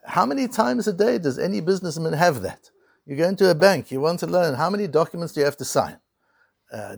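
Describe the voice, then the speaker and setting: A man's voice: a little high, fairly quick, creaky, husky, dry recording, clean studio sound. A man teaching a Torah lecture, talking through points with rhetorical questions and small acted-out scenes. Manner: animated, rhetorical questions, acts out little scenes.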